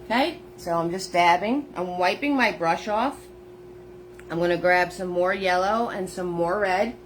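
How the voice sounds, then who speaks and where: Her voice fairly low and a little slow, a painting instructor gives a live lesson recorded on a phone, with some hiss or hum. She greets viewers by name and chats her way through each step.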